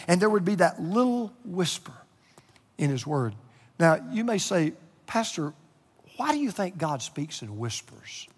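Man preaching a sermon, hushed to loud. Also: high voice, sing-song, a little slow, husky. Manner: emotional, swings from hushed near-whispers to loud preaching. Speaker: pastor. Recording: echoey hall with long reverb.

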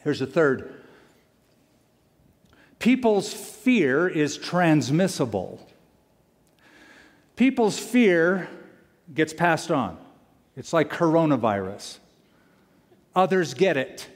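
A male pastor preaching a sermon, animated and emphatic, repeating key lines for weight. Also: fairly high pitch, slow, pauses often. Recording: long hall reverb.

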